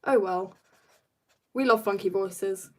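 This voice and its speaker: A teenage girl from South Africa, a little husky from being ill, rambling playfully as she greets viewers and chats while drawing on a live stream. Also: mid-range voice, slow pace. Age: teens. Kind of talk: casual live-stream chat.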